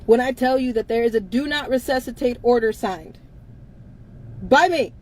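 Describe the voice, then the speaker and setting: A woman's voice: fairly high pitch, moderate pace, darkish tone, rough recording. A woman hosting a casual livestream, talking bluntly with frequent swearing and laughter. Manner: blunt, profane, laughs often between lines. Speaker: livestream host.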